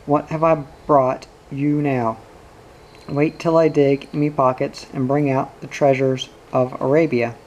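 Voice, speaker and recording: A man's voice: mid-range voice, little pitch movement, measured pace, a little mellow, muffled recording, a little hiss or hum, natural voice. A man voicing a jovial, tipsy middle-aged father who talks in a boisterous, florid, sing-song way.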